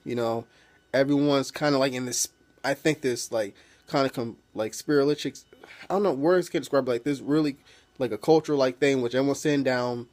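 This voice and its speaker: A man's voice: medium pitch, fairly even intonation, fairly quick, a little mellow. A man casually recapping a TV episode as a reviewer, rambling with many fillers and swearing freely.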